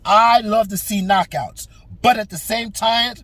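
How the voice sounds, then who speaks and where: In a dry recording with no echo, a high-pitched man with a fairly bright tone hosts a boxing talk show. He addresses the fighter head-on at a measured pace, ranting his opinions with animated, profane emphasis.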